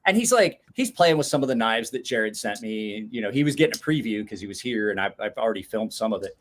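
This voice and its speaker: A loud man telling rambling, profane stories in a casual chat, recorded in his home garage. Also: fairly low pitch, fast. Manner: loud, swears a lot, animated storyteller. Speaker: host.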